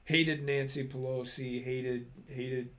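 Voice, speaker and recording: A man's voice: medium pitch, fairly even intonation, slow, a bit bright. A man, an army veteran, telling a long story in casual, profane chat, acting out other people's words. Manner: profane, rambling, acts out quoted people.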